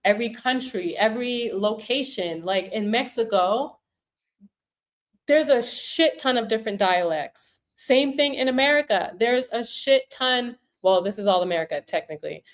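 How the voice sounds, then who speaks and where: A woman's voice: a little high, expressive, moderate pace. A woman from New York chatting casually as a host, telling stories and acting out quoted voices. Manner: storytelling, acts out quoted voices. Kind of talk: casual chat.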